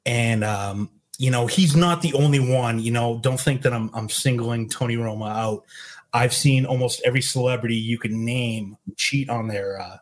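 A man with a slight Boston accent telling a profane, animated story in casual chat, acting out the people he quotes. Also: medium pitch, normal speed. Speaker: guest storyteller.

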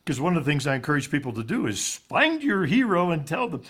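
A man's voice: fairly high pitch, sing-song, quick pace, hardly any pauses, a bit bright. Earnest, folksy man telling a story. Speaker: guest speaker. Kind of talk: storytelling on a talk show.

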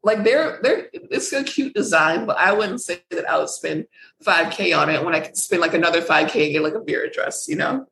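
Bright-voiced gossipy podcast co-host. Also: medium pitch, fairly quick, creaky, slight background noise, poor audio. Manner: gossipy, swears casually, lots of "like". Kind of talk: casual chat recapping reality TV.

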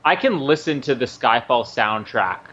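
A man's voice: mid-range voice, lively intonation, moderate pace, sharp tone. A man co-hosting a podcast, chatting casually and laughing often while watching a movie. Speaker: podcast co-host. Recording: muffled lo-fi audio.

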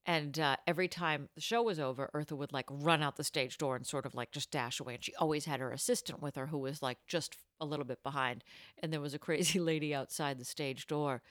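A woman's voice: deep voice, fairly even intonation, a little fast, no echo, studio quality. A young woman co-hosting a podcast, chatting casually and telling anecdotes with frequent laughter. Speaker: podcast co-host. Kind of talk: casual chat, storytelling.

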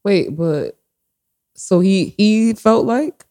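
Mellow man cutting in with questions. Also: high voice, expressive. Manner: quick interjecting questions and reactions. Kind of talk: casual chat.

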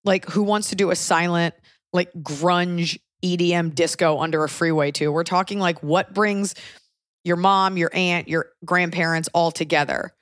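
A woman with a lowish voice hosts a casual podcast, spinning rambling, joking stories and tossing in the odd swear word. The mic is close and dry, with no room sound. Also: fairly even intonation, normal speed, dry recording. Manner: chatty, loose storytelling with jokes and swearing. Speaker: podcast host. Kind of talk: casual chat.

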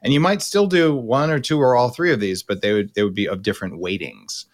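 A middle-aged man hosting a podcast coaches his guest, explaining at length in a blunt, casual manner. His voice is mid-range and he speaks a little fast.

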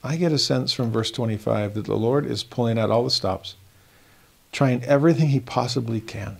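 A man with a gravelly, fry-edged voice at a middle pitch, teaching scripture in a devotional lesson. He reads verses slowly and earnestly, pressing upward in emphasis on key phrases. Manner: slow, earnest reading of verses with emphatic rises.

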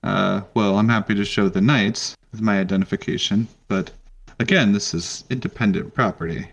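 A man voicing a calm, smooth-talking male hobgoblin official who is politely dismissive. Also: lowish voice, normal speed. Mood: calmly dismissive.

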